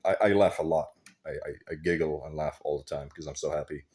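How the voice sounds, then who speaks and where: A man's voice: rumbling low, fairly even intonation, a little fast, darkish tone. A man talking in a casual, rambling vlog monologue, swearing freely and laughing often. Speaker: vlogger.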